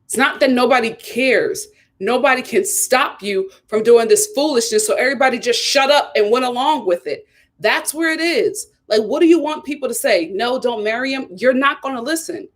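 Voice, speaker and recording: A woman with a slightly higher-than-average voice, hosting a live stream. She talks straight to her audience in a sassy, animated way, with casual commentary throughout. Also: moderate pace. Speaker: live show host reviewing a reality series.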